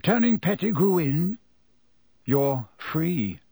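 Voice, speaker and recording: A man voicing a croaky thirteen-year-old boy wizard who fires off blunt, excited questions in an audiobook reading. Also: fairly high pitch, takes it slowly, no echo, clean studio sound, pitched above the performer's own voice, full character voice. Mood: matter-of-fact.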